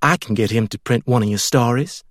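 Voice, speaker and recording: A man's voice: mid-range voice, fairly quick, no room sound, natural voice. A man voicing a clingy, doting woman who coos and pleads, in an audiobook reading. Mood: pleading. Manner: cooing, pleading, baby talk.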